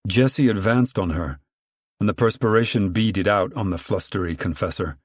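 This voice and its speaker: Male audiobook narrator; measured, even delivery, dry close mic. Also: lowish voice, no room sound. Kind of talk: scripted narration.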